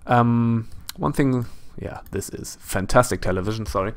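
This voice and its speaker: A man with a German accent hosts a let's play, chatting casually about the game as he goes, thinking out loud and tossing in self-deprecating remarks. His voice sits in the mid range and moves at a moderate pace.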